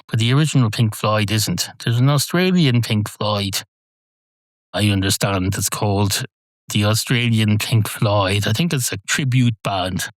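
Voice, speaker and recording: A man's voice: fairly low pitch, dry recording. A middle-aged Irish man hosting a solo podcast, talking in a rambling, wry, digressive way. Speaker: podcast host.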